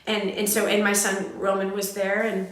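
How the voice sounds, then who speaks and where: A middle-aged woman from Southern California tells her story candidly, full of restarts and fillers, at an ordinary pitch. The room around her rings with strong echo. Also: little pitch movement, normal speed. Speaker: host. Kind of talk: emotional personal storytelling. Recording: very echoey room.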